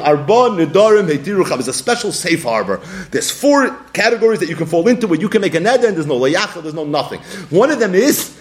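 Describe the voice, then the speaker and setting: A man teaching a Talmud lecture, animated, acting out little scenes and laughing often. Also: high voice, fast. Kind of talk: yeshiva-style Talmud lecture.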